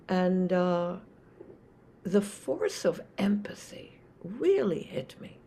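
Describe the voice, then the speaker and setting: An older woman, a Zen teacher, giving a reflective dharma talk with many pauses and restarts. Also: mid-range voice, lively intonation, dark tone, slight background noise.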